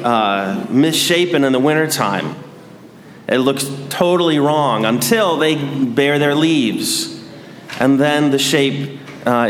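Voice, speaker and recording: A man giving a sermon as a priest, measured and dryly humorous. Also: medium pitch, a little hiss or hum. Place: large church. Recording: echoey church hall.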